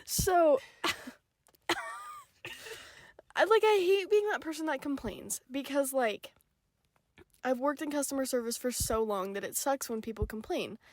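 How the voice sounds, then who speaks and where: A woman's voice: sits high, lively intonation, a little slow, pauses often, no room sound. A young woman co-hosting a podcast, chatting casually and giggling, with casual swearing, recorded in a parked car. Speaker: podcast co-host. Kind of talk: casual chat.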